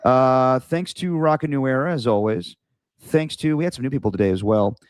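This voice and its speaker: A man's voice: mid-range voice, brisk, a little mellow, smooth, no room sound, studio quality. A man hosting a sports podcast, telling stories in a laid-back, chatty way. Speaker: podcast host. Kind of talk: casual sports chat.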